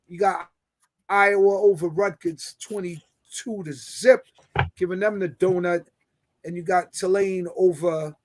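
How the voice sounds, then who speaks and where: A man hosting a casual sports show, brash and argumentative, running through scores and ranting with plenty of slang. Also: sits high. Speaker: sports podcast host.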